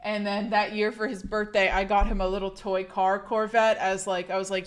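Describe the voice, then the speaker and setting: A young woman streamer with a hoarse, husky sick voice, rambling casually to her chat and swearing a lot. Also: mid-range voice, little pitch movement, normal speed.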